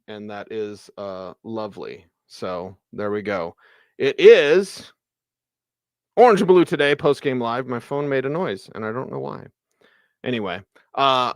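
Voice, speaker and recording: A man hosting a solo postgame livestream, giving a casual, animated football recap and reading viewer comments aloud. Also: medium pitch, dry recording, studio quality. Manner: casual, animated, reads live chat aloud. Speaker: sports radio host.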